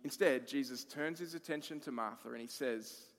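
A man preaching a sermon as pastor, expressive, moving between emphatic lines and hushed ones. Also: mid-range voice, normal speed, long reverb tail.

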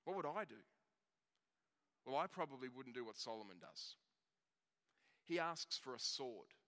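A man preaching a sermon, telling the story in a conversational way and slowing down on key words. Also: medium pitch, expressive, pushed and bright. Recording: long reverb of a hall.

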